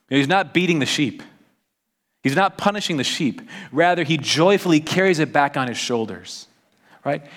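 A man's voice: mid-range voice, a bit bright. Chatty man preaching a casual sermon. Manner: chatty, peppers talk with "right?" and "like". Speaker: pastor. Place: church service.

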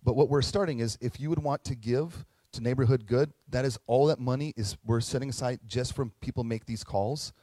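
A middle-aged man preaches in an earnest, conversational way, moving through stories and slipping into quoted voices. His pitch sits in an ordinary middle range. The sound is dry and close, with little room echo. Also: fairly quick, hardly any pauses, dark tone. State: tearing up at moments. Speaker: pastor. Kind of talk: sermon.

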